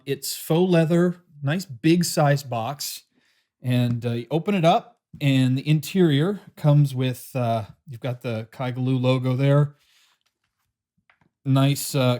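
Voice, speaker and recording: A man hosting a casual pen review, talking in a relaxed, chatty way with frequent pauses and fillers while he shows the box and pen. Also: mid-range voice. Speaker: pen reviewer, channel host.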